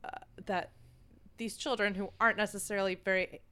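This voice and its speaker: A woman hosting a casual podcast interview, with a croaky voice, asking questions with lots of hesitant fillers. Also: medium pitch, steady tone, fairly quick, pushed and bright. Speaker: podcast host.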